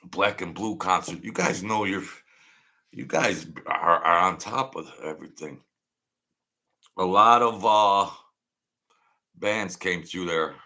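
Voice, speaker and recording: His voice sits low with a sharp tone, and he talks slowly, pausing often. As a livestream host, he spins meandering, casual stories that trail away and restart.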